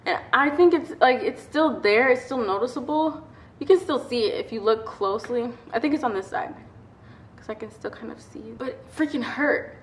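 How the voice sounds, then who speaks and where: Young woman vlogger, lively storyteller with a slightly high voice, roomy camera sound. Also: moderate pace. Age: young adult. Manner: chatty, animated, acts out quotes, laughs often. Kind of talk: casual storytime. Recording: echoey room.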